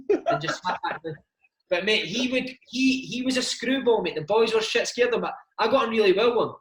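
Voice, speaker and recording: A man's voice: sits high, animated, fairly quick, fairly bright tone. A Scottish former footballer in his thirties, telling stories in casual chat, swearing freely and calling the listener mate. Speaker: former footballer, interview guest. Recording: roomy echo.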